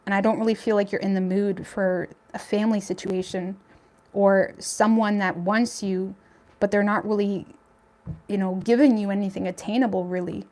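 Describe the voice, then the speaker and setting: A woman's voice: mid-range voice, steady tone, normal speed, a little mellow. A young woman giving a casual tarot reading, talking in a chatty, blunt way with lots of fillers and some swearing. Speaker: tarot reader.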